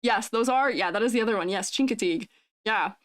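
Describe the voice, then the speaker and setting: A woman's voice: a little high, fast, dry recording, clean studio sound. A woman chatting casually on a livestream, giggling often and reading chat messages aloud. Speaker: streamer.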